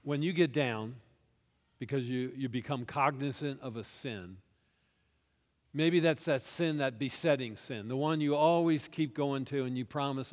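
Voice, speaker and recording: A man preaching a sermon as pastor, moving between quiet confiding asides and loud rousing call-and-response with the congregation. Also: mid-range voice, lively intonation, moderate pace. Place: church hall. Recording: long reverb of a large hall.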